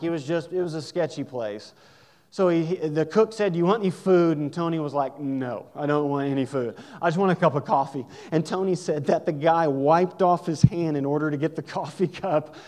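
A pastor telling a story in a sermon, getting lively when he quotes the people in it. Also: a little high. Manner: animated retelling, voices rises for quoted lines.

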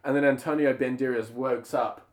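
A man improvising a silly film pitch in a comedy sketch, peppering it with "bloody" and "mate". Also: fairly even intonation, normal speed. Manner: puts on a broad Aussie-style slang voice with "bloody" and "mate".

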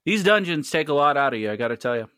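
Lively, laughing podcast co-host, man. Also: fairly high pitch, quick pace, clear, resonant tone, dry recording. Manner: laughs often, swears, lively storytelling. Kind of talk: casual gaming podcast chat.

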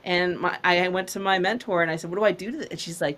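A woman's voice: lowish voice, fairly even intonation, quick pace, a bit bright. A woman podcast host answering questions in a casual chat, earnest and encouraging, laughing easily.

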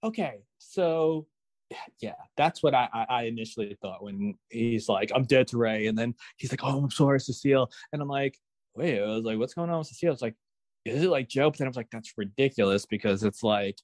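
A man's voice: medium pitch, fairly quick, darkish tone, no echo. A man co-hosting a casual TV recap chat, playful, laughing often and mimicking characters. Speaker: podcast co-host.

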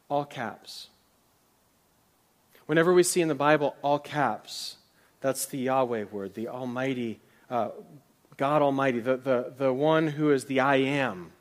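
A man preaching a sermon in an earnest way, his voice sitting a little high for a man. He falls to a near hush when reading quoted lines and often stumbles over repeated words. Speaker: pastor.

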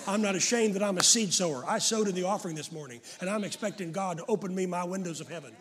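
An older man preaching a fervent sermon to a congregation, often rising to shouts. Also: sits high, fast talker. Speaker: pastor.

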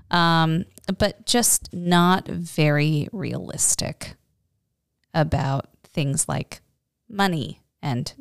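A woman's voice: low voice, no echo, clean studio sound. A woman co-hosting a podcast in a casual, enthusiastic and digressive chat. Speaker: podcast co-host.

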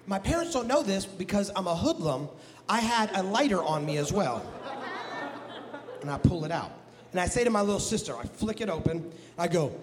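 High-voiced animated preacher from the Midwest. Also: male voice. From American Midwest. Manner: animated, jokey, breaks into shouts. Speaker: guest pastor. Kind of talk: comedic sermon storytelling. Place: church sanctuary. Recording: long hall reverb in a church.

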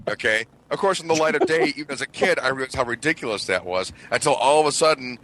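Bright-voiced, profane man telling stories. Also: medium pitch, fast. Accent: Midwestern American. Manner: profane, animated, laughing storyteller. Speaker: podcast co-host telling stories. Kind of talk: casual storytelling among friends.

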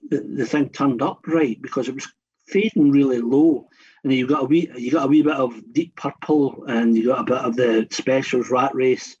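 Husky man telling stories. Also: mid-range voice, darkish tone. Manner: rambling anecdotal storyteller with frequent restarts. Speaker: radio guest. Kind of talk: casual radio chat. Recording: dull, muffled radio studio sound.

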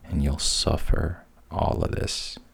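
A man voicing a scheming female sea witch in a soft, breathy whispered role-play. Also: slow pace, natural voice. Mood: bargaining.

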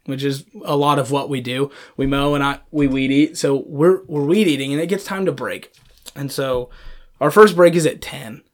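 A young man casually telling stories about his coworkers, animated and full of fillers like "like" and "um.". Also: fairly high pitch. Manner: animated storyteller, many fillers like "like" and "um". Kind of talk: casual storytelling chat.

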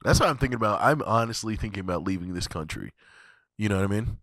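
A man's voice: on the low side, lively intonation, fast talker, a bit bright, no room sound. A young man hosting a podcast, talking in a loose, profane, comedic monologue and laughing often. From USA. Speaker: podcast host.

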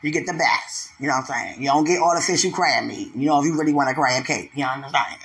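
Bright-voiced, laughing, teasing speaker. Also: fast, low-quality recording. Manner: laughs often, teasing, repeats "you understand?"; acts out quoted voices in a raised pitch. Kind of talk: casual faith-filled monologue.

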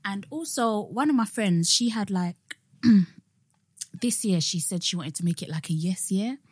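A young woman in casual podcast chat, relaxed and full of "like" fillers. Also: medium pitch, normal speed, slightly rough, no echo, clean studio sound. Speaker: podcast co-host or guest.

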